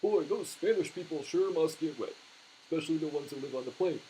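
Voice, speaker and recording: A man voicing a goofy male hand puppet who recites slowly and deliberately. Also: fairly high pitch, mellow, slight background noise, close to an everyday voice, low-quality recording. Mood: joking. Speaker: puppet sidekick.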